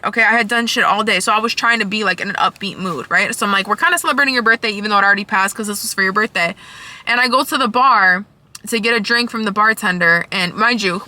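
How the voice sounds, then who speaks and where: A woman's voice: mid-range voice, pushed and bright, dry recording. A young woman telling a storytime vlog in a heated, emphatic way, swearing freely. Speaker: vlogger.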